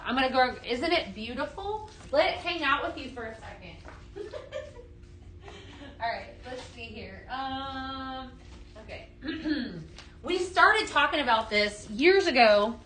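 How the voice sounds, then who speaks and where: A woman's voice: a little high, sharp tone, slight background noise. A woman hosting a live shopping stream, chatty and gushing, with many fillers, talking while she moves around handling products. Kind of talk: live sales stream chat.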